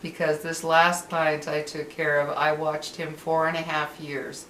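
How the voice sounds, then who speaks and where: A woman's voice: deep voice, measured pace. A woman and former caregiver talking casually and animatedly about a past job, laughing as she tells it. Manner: chatty, animated, laughs while telling. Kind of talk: casual storytelling to camera. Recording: roomy with faint ambient noise.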